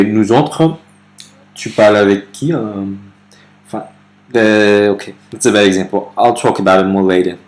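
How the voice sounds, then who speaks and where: A man with a lowish voice walks through a grammar lesson in a relaxed, unscripted way. He stops for fillers and corrects himself, then reads foreign example sentences aloud. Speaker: language teacher. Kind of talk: explaining grammar on video.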